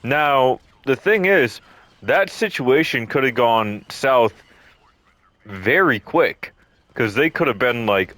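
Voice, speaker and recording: A young man tells a story from his past over game footage, rambling with lots of ums and swearing. His voice sits at an ordinary middle pitch, and the sound is dry and close to the mic. He acts out what people said with quick jumps in his voice. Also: fairly bright tone, no room sound. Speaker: storytelling vlogger. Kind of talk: casual storytime over gameplay.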